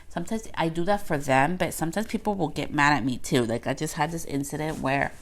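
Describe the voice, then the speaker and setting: A woman with a low voice and a gravelly, fry-laden edge hosts a solo podcast. She talks casually and chattily, leaning on "like" and "you know" and acting out what other people said. Her tone stays conversational throughout. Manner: chatty, filler-heavy, acts out quotes. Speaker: podcast host.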